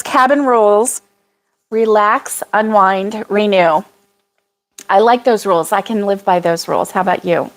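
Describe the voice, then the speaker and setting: A middle-aged woman, hosting a casual live chat from a cabin, bubbly and greeting viewers by name. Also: fairly high pitch. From Florida. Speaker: crochet livestream host. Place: mountain cabin indoors.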